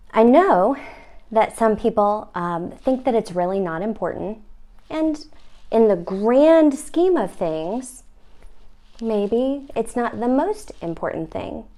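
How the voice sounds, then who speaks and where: A woman's voice: fairly high pitch, a little mellow. A woman hosting a comic instructional video about real estate, talking in a wry, mock-stern, playful way.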